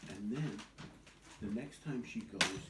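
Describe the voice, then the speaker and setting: An older man, a grandfather, telling a children's story at home in a gentle, patient way. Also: fairly low pitch, a little slow. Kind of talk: bedtime storytelling. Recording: echoey, distant, noisy home recording.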